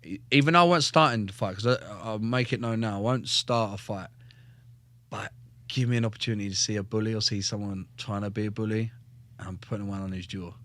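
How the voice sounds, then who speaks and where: A man's voice: quick pace, dry recording. Blunt man telling army stories. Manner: blunt, animated, acts out quotes with shifting pitch. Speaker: guest, former soldier and fighter. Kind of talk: casual storytelling with heavy swearing.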